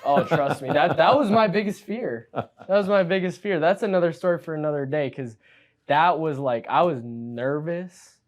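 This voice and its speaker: An excitable young man in his twenties tells his story on a podcast. He talks in a quick, energetic, casual way and leans on "like" constantly. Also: on the high side. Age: 20s. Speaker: guest, new insurance agent.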